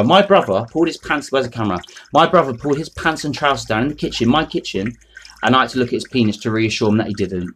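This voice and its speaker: A man's voice: mid-range voice, fairly bright tone. A man, ranting to camera in a rambling, foul-mouthed, mocking way. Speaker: vlogger. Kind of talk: unscripted rant to camera.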